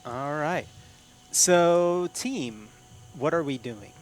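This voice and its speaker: A man's voice: a little high, lively intonation, extremely slow. Man narrating as game master. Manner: descriptive, many fillers.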